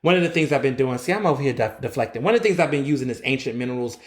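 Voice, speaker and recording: Recording in Philadelphia, a podcast host with a medium-pitched male voice rants bluntly on his solo show, swearing plenty. He talks very fast with lively intonation, and the sound is reverberant.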